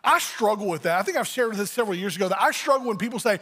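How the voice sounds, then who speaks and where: A man's voice: sits high, lively intonation, rapid-fire, fairly bright tone, in a large hall. A man preaching a sermon as pastor, talking in a conversational way and acting out little family dialogues. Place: church sanctuary.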